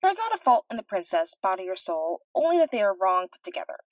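A woman voicing a quick, flighty old male philosopher who lectures rapidly and insistently, recorded a little off-mic. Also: medium pitch, sing-song, no echo, distant mic, close to an everyday voice, poor audio. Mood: lecturing.

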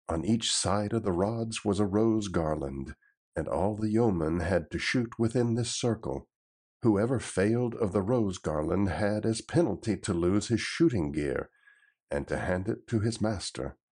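Male storybook narrator, low voice, slow steady read-aloud pacing. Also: breathy edge. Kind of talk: storybook reading.

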